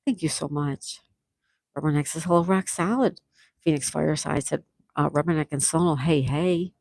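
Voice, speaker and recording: A woman's voice: sits low, moderate pace, creaky, darkish tone, dry recording. A woman hosting a casual livestream, chatting and reading out viewer comments, laughing often. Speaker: livestream host.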